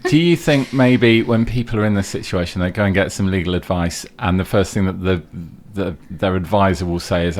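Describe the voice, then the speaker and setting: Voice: low voice, fairly even intonation, moderate pace, darkish tone, a little hiss or hum. A speaker chatting on a podcast, sounding skeptical and wondering aloud. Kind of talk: casual podcast chat.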